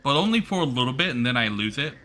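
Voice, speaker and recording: A man's voice: medium pitch, big pitch swings, fast, pushed and bright. A man streaming a game, chatting casually and rambling with many fillers and restarts. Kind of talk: casual chat while gaming.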